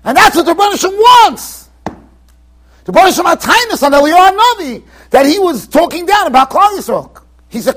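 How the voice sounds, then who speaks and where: Speaking briskly in a very high voice, a rabbi delivers an animated Torah lecture in a yeshiva study hall. He plays the people he quotes, alternating sudden loud, emphatic bursts with quiet asides that trail away.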